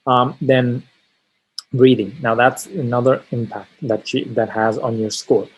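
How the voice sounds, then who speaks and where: A man's voice: medium pitch, steady tone, measured pace, breathy edge, rough recording. A man teaching a test-prep lesson on pronunciation, explaining step by step and often checking in with "all right?". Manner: frequent tag questions, stresses key words. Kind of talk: spoken lesson on exam pronunciation.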